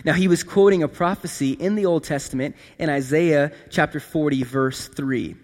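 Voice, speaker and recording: A man's voice: fairly high pitch, normal speed. Conversational male preacher in a big hall. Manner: conversational, animated, checks in with "right?" and "okay?". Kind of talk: casual sermon. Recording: long hall reverb.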